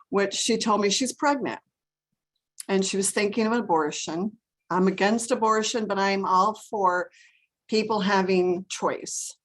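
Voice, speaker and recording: An older woman sharing a family worry with her study group over a video call, earnest and rambling, upset and close to tears. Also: mid-range voice. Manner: earnest, rambling, full of fillers. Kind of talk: emotional personal sharing.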